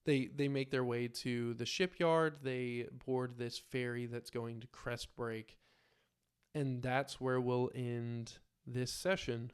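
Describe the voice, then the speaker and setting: A man narrating his own solo tabletop game and talking to viewers in a relaxed, filler-filled way. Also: mid-range voice, slow pace, smooth. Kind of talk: casual solo role-play narration.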